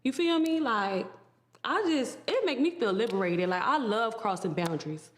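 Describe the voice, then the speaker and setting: A woman's voice: medium pitch, expressive, normal speed, slight background noise. A woman in an interview clip, speaking brashly and explicitly in slangy casual talk.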